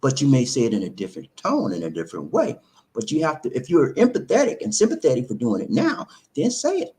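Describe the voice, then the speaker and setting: Animated, lively man hosting a live stream. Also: medium pitch, quick pace. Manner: animated and repetitive, preachy, addresses viewers directly. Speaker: live show host reading viewer comments. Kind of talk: casual advice talk on a live stream. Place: living in the Philippines.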